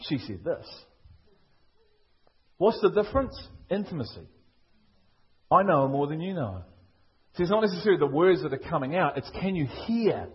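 Husky Liverpool-accented preacher. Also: male voice, a little high, sing-song, a little fast, highs cut off. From England. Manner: emphatic, rhetorical questions, repetitive preaching. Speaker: pastor. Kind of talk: sermon.

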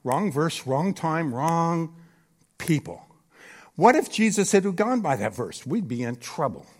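A man preaching a sermon on a church stage, animated and emphatic, often checking in with the crowd. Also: on the high side, a little slow. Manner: animated and emphatic, with frequent rhetorical "Hello?" checks. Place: church stage before a live audience.

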